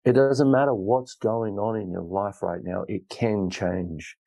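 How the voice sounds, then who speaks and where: A man with a very low, gravelly voice hosts a solo podcast. He speaks in an earnest, wandering self-help style, full of restarts. His tone is dark and mellow. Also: steady tone, unhurried, poor audio. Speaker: podcast host. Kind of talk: reflective solo podcast talk.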